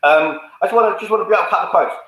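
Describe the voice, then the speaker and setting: A man's voice: high-pitched, rapid-fire, fairly bright tone. A man hosting a casual fan stream, jokey and full of slang as he reads out viewer comments. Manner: jokey, drops slang, lots of "um". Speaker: host reading viewer comments. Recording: very echoey room.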